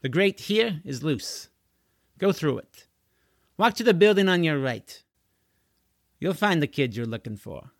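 A man's voice: fairly high pitch, big pitch swings, unhurried, creaky, pauses often, dry recording, clean studio sound, voice pushed up, exaggerated voice. A man reading a storybook and voicing a blunt, skeptical young woman who keeps questioning the hero. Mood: commanding.

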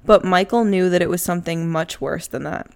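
A woman's voice: lowish voice, fairly quick, gravelly, a little mellow, clean tone. Chatty woman telling a crime story. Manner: chatty, laid-back, giggles at times. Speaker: podcast co-host narrating a true crime case. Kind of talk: casual chat, telling a story.

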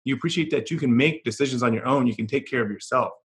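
A man's voice: mid-range voice, fast. A man co-hosting a podcast in casual chat, earnest and motivational, often restarting his sentences. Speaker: podcast co-host.

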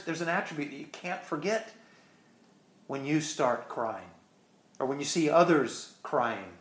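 Earnest preaching man in an echoey room. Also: medium pitch. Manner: earnest preaching, swings between quick bursts and slow stressed words. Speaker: pastor. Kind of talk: sermon.

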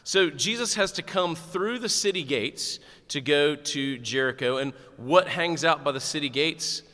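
Male pastor, animated conversational sermon, bright tone, echoing sanctuary. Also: a little high, measured pace. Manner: animated, conversational preaching with humor.

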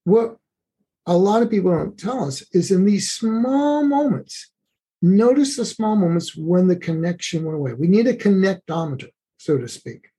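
A man with a husky, breathy voice and a warm, mellow tone. He talks as a relationship expert. His explanations are earnest and conversational, and he often restarts his phrases. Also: high-pitched, animated, moderate pace. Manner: earnest, with frequent restarts and "you know".

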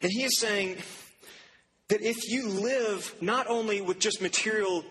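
Bright-voiced young preacher in a hall. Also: male voice, sits high, unhurried, breathy edge. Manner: conversational storytelling with laughs and asides. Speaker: campus preacher. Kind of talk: sermon. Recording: long hall reverb, faint ambience.

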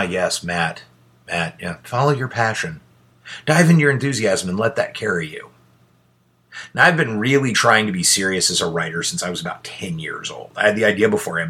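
A man's voice: on the low side, bright, forceful tone, husky. Blunt, profane man in his forties. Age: 40s. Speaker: podcast host. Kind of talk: casual monologue.

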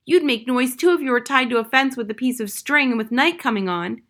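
Woman reader doing a young male crow from a storybook, foolish, jittery and loud. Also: brisk. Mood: frantic. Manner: high, loud and anxious.

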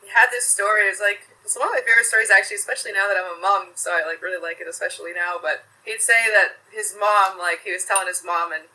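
Young woman, vivid bright tone, loose rambling storyteller with lots of fillers. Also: mid-range voice, fast talker, few pauses, poor audio. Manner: chatty, laughs often, many filler "like"s. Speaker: interview guest. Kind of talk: casual remembrance interview.

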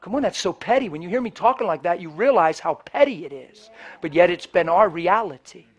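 A man with a high voice preaches by telling a story. He shifts between loud, emphatic lines and hushed, near-whispered passages, and he acts out the people he quotes. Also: animated, a little fast, dull audio. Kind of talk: storytelling sermon.

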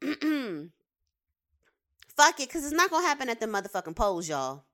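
A woman's voice: fairly high pitch, sing-song, rapid-fire, sharp tone. A woman giving a heated, profane commentary, repeating words for emphasis; she works in the behavioral sciences. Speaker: behavioral science professional with clients. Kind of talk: casual ranting commentary.

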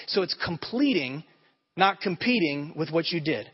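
This pastor's voice is husky, animated and fairly high, moving at a moderate pace as he preaches in a conversational style, frequently checking in with "okay?". The sound in the church sanctuary is dull, with long reverb from the hall.

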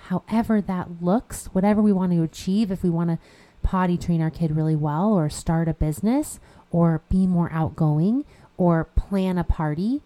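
A woman's voice: lowish voice, dark tone. A woman hosting a podcast as a life coach, talking casually with a stuffy nose, chatty and encouraging. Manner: chatty and encouraging, with frequent "you know" fillers.

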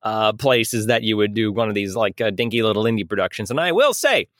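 Animated, joking male podcast host. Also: fairly low pitch, fairly quick, no room sound, clean studio sound. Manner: joking, laughs often, rambling. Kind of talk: casual comedic chat.

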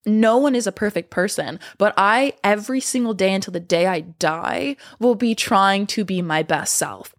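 A woman's voice: mid-range voice, moderate pace, few pauses. A young adult woman chatting to camera, rambling and profane, out of breath and with a sore throat. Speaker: vlogger. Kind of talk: casual chat to camera.

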